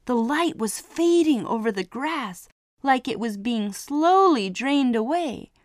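A woman reading a children's story aloud, giving each character an expressive voice. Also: fairly high pitch, slow pace, no echo, studio quality.

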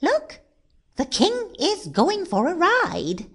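A woman voicing a crowd of excited townspeople in a storybook read-aloud, calling out in high voices. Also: very slow, exaggerated voice.

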